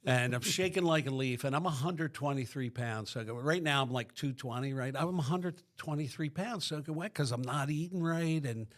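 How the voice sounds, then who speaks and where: A man's voice: medium pitch, moderate pace, hardly any pauses. A middle-aged man from Pennsylvania, a podcast guest, tells his recovery story in a rambling way, full of restarts.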